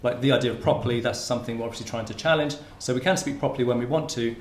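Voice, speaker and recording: Racing through an informal conference talk, a medium-pitched man from Hertfordshire, England, repeatedly restarts sentences and fills in with filler words. He's a university researcher speaking in a lecture room. The recording sounds roomy and has a little hiss or hum.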